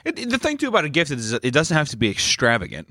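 Male podcast co-host with a bright, tense tone and a dry close mic, crude and joking. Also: fairly high pitch, huge pitch swings, fast talker, no echo. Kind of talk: casual comedic chat.

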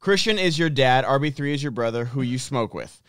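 A man's voice: mid-range voice, animated, fairly quick, a bit bright, smooth, dry recording, clean studio sound. A man hosting, reading listener messages aloud with some hesitations in a casual chat. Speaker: host reading viewer questions.

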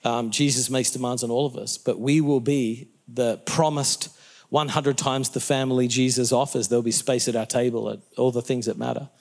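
A middle-aged Australian man talks like a pastor in the middle of a sermon, even though he is a guest in an interview. He doubles back on his words and breaks into laughter at his own asides. His voice sits in an ordinary middle pitch for a man. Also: normal speed, gravelly. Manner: animated, self-interrupting, laughs at own jokes. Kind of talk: conversational interview answers, preacherly.

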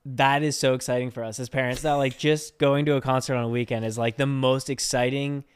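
A man's voice: mid-range voice, steady tone, brisk, smooth, dry recording. A man co-hosting a podcast in casual chat, joking and playful. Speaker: podcast co-host.

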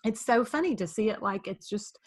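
A woman's voice: mid-range voice, a little fast, slightly rough. A woman hosting a podcast, telling a story in casual chat and acting out what everyone said. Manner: animated, acting out quoted dialogue. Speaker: podcast host.

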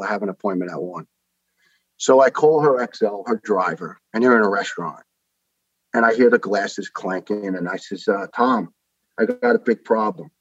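A man's voice: on the low side, breathy edge, no room sound, muffled recording. An older man, a retired firefighter telling his story in a podcast interview and acting out the people he quotes. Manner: animated storyteller who acts out the people he quotes.

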